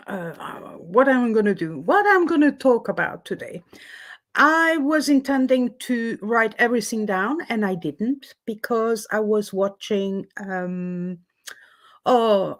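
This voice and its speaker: A woman from Switzerland hosts a casual livestream chat from home on a webcam, greeting viewers by name between many fillers. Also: medium pitch. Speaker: livestream host. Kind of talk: casual live-stream chat.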